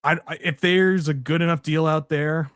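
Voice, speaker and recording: A man's voice: on the high side, fairly even intonation, moderate pace, fairly bright tone, smooth, no echo. A man co-hosting a sports show, chatting casually in an easygoing way with dry quips and thinking aloud.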